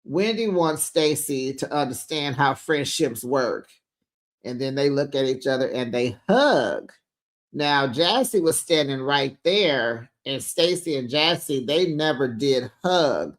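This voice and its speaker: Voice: medium pitch, lively intonation, slow pace. A host giving a casual recap of a reality show episode, retelling scenes and acting out the cast's lines, calling listeners besties and honey.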